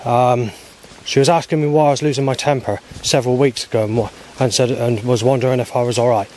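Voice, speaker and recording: A man's voice: mid-range voice, fairly even intonation, fast talker, a little mellow, slight background noise. A man vlogging outdoors on a walk, talking agitatedly with heavy swearing into a handheld camera. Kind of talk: rambling outdoor video diary. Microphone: handheld camera he stops himself.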